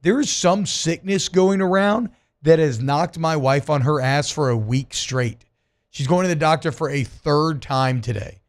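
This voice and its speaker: A man hosting a casual sports radio talk show, chatting loosely and switching into hammy, drawn-out live ad reads. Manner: animated, hammy pitchman on ad reads.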